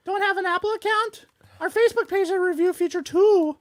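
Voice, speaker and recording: A woman's voice: extremely high pitch, moderate pace, no room sound, studio quality. A woman co-hosting a podcast, doing a silly, giggly sponsor read in a put-on voice. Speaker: podcast co-host.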